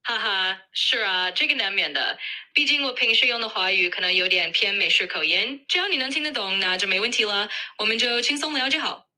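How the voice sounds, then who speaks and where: American-accented AI assistant, woman, polished and upbeat, fast and crisp. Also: medium pitch, animated, pushed and bright, poor audio. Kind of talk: synthetic assistant chat.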